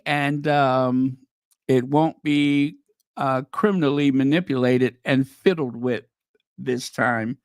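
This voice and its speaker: Slow-talking man commenting on headlines. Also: mid-range voice, fairly even intonation, smooth, dry recording, clean studio sound. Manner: reads headlines aloud then reacts with opinionated asides. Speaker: commentary channel host. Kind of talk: casual commentary on news headlines.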